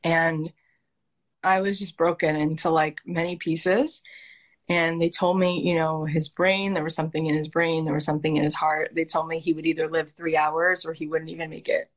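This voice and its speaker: A woman with a low voice speaks at a moderate pace as a life coach hosting a heartfelt coaching conversation. She is earnest and emotional, telling stories in an animated way.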